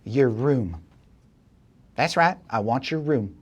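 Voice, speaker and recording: A man's voice: medium pitch, animated, slow, husky, dull audio. A man voicing a bossy, ambitious woman who blackmails a henchman for her silence. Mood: demanding. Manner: bossy, demanding.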